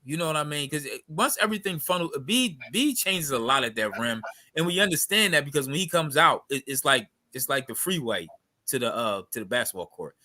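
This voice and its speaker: Halting high-voiced man debating hoops. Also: animated, sharp tone. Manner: halting, repeats words, interrupts. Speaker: podcast co-host. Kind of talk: heated sports debate.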